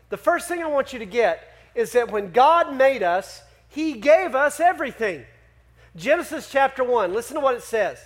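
A man with a notably high voice preaching to his congregation. He is animated and keeps firing questions at the crowd to draw them in. His delivery swings between punchy emphasis and quieter explaining. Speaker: pastor. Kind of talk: sermon.

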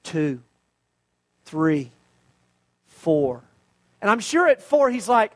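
A man giving a sermon, telling a story in a lively way with rhetorical questions and casual asides. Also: a little high, very slow, long pauses. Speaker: pastor.

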